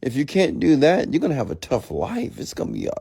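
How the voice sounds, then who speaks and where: A man's voice: mid-range voice, wildly swooping pitch, fast talker, vocal fry, warm tone, breathy edge. A man hosting a late-night live stream, ranting bluntly and profanely at viewers, then answering their questions. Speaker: entrepreneur mentor host.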